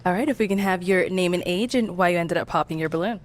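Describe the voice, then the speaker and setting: Brisk, fast-talking woman host. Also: fairly low pitch. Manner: brisk, with short prompts like okay and all right. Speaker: dating show host. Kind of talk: hosting an interview game.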